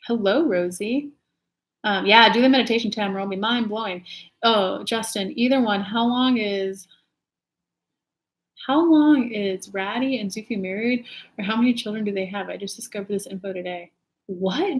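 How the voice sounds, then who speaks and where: A woman hosting a casual live stream, chatting animatedly and reading viewer comments aloud. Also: medium pitch. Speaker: intuitive reader and channel host.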